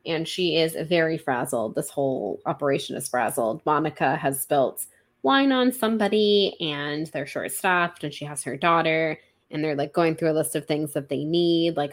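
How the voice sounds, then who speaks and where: A woman's voice: low-pitched, normal speed. Chatty woman retelling a novel. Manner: chatty, lots of "like" and quoted dialogue. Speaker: podcast co-host. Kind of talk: casual book-club chat, retelling a novel.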